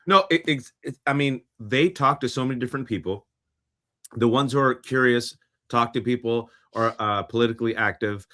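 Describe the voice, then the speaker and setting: A man's voice: mid-range voice, moderate pace, pushed and bright. A man hosting a casual conversation, reflecting in an easygoing way. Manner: reflective, easygoing, short reactions. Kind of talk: casual chat.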